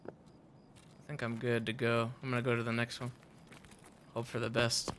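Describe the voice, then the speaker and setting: A man's voice: medium pitch, monotone, normal speed, background noise. A man chatting on voice chat while gaming, laughing often and swearing when things go wrong. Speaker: gamer on voice chat.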